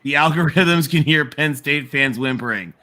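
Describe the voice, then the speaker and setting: A man's voice: a little high, normal speed, sharp tone. A man hosting a livestream, chatting casually about college football, laughing often and rambling with restarts. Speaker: livestream host. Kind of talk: casual sports chat.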